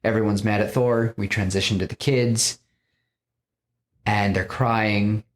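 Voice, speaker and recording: A man with a fairly low voice pitches a story on a casual podcast. He tells it in an animated, rambling way, full of fillers like "you know" and "kinda". The delivery is loose and conversational. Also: a little slow. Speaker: podcast host.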